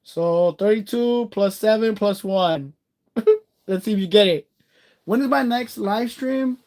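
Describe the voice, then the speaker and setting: Male streamer, relaxed and rambling, talks straight to his chat. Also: high voice. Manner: chatty, rambling, greets viewers by name; warm-hearted, encouraging. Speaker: live streamer. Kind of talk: casual live-stream chat.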